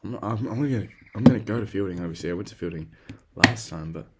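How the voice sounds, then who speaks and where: A young man hosting his own podcast in loose solo chat, excitable and profane, jumping between loud outbursts and hushed whispers. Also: low-pitched, fast, heavy background noise. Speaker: podcast host.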